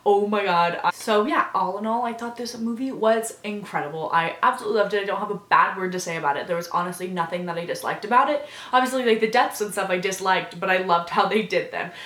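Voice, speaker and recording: A woman's voice: medium pitch, fast, few pauses, fairly bright tone, reverberant. A woman vlogger giving a casual, effusive review, gushing and filling her talk with fillers.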